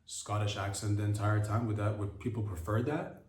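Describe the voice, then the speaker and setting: A man's voice: lowish voice, fairly even intonation, fairly quick, few pauses, a little mellow, distant mic. Man, comedy podcast host, rambling irreverent monologue, echoey room. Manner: rambling, irreverent rhetorical riffs.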